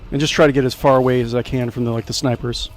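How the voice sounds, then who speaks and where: A man giving casual let's play commentary, playful and chatty, thinking out loud and adding little sound effects as he plays. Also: mid-range voice, fairly even intonation, fast. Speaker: gameplay commentator.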